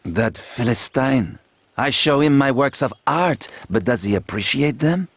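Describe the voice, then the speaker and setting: An actor playing a proud, flattering gunsmith with a French accent, in a video game. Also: male voice, medium pitch, a little slow, breathy edge, dry recording. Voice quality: fawning, theatrical salesman manner.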